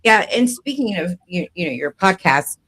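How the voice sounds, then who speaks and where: A man hosting an interview show, speaking gently and affirming his guest. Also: high-pitched, sing-song, moderate pace, rough recording. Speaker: host.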